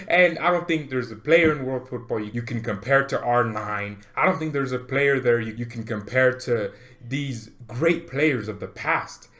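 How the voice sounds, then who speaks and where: A man hosting a football fan channel, ranting excitedly to camera with jokes, laughs and repeated words for emphasis. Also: mid-range voice, normal speed. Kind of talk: animated fan rant to camera.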